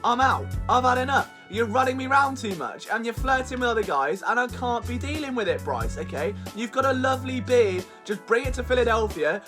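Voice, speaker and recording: A man's voice: extremely high pitch, expressive, a little fast, hardly any pauses, pushed and bright, soft background music. A young man hosting a sports vlog, delivering a sarcastic, exasperated, mock-dramatic rant. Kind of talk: comedic sports rant to camera.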